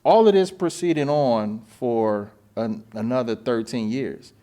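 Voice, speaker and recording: A man in his forties hosts a podcast, telling his own story casually and animatedly in a medium-pitched voice at a slow pace. He acts out phone calls with different voices and swears along the way.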